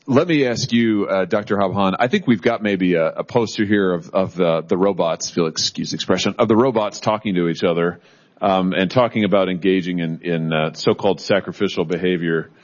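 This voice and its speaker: Man questioning at a hearing, low voice, halting restarts, dull lo-fi sound. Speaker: hearing chair questioning witnesses.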